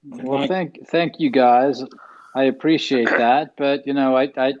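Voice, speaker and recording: A man's voice: mid-range voice, steady tone, a little slow, a little mellow. A man joining a casual online group chat as a guest, joking and rambling with stammers. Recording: muffled online audio.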